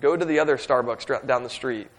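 A man's voice: medium pitch, quick pace. A middle-aged man, a youth minister telling a casual, humorous story that leads into a sermon point. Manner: casual anecdotal, self-deprecating humor.

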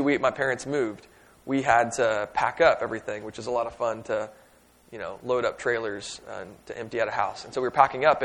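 A middle-aged man, a youth minister telling a casual, humorous story that leads into a sermon point. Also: medium pitch. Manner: casual anecdotal, self-deprecating humor.

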